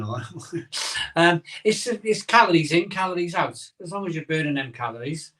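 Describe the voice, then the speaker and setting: Reading viewer comments on his live stream, a man chats casually and cheerfully, often repeating himself and filling gaps with ums. His voice is a little high, animated and a bit bright, with a moderate pace broken by long pauses.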